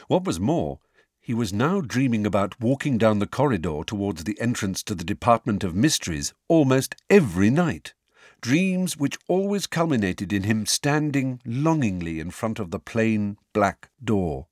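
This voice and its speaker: A man narrating an audiobook with an expressive, varied storytelling delivery. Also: on the low side, normal speed, dry recording, studio quality. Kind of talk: scripted narration.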